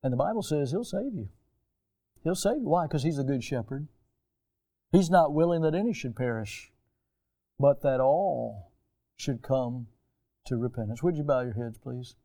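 A middle-aged American man preaching a sermon as pastor, swinging from soft low passages to loud raised emphasis. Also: animated, measured pace, pauses often. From United States.

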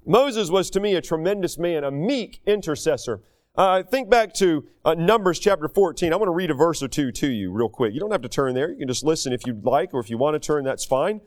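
A man's voice: fairly high pitch, animated, fairly quick. A man preaching a sermon from the United States, earnest and conversational, acting out quoted voices as he teaches. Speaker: pastor.

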